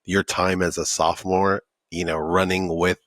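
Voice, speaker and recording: A man's voice: sits low, level tone, normal speed, a bit bright, dry recording, studio quality. A man chatting casually on a podcast, encouraging and affirming his friend, often adding "you know".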